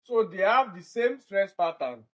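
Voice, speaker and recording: A man's voice: sits high, animated, a bit bright, low-quality recording. Nigerian man drilling word stress. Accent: Nigerian English. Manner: explains step by step, repeating each word slowly for pronunciation drills. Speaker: exam tutor. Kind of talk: online exam-prep lesson.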